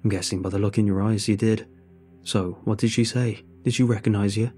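A man's voice: fairly low pitch, steady tone, fairly quick, dark tone, soft background music, lightly acted. A man voicing Gary, a blunt, wry, seasoned man in a horror story.

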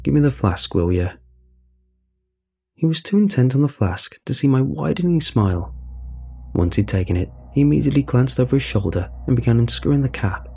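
Man narrating a story, dark-toned. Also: medium pitch, expressive, brisk, vocal fry, husky. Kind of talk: first-person story narration.

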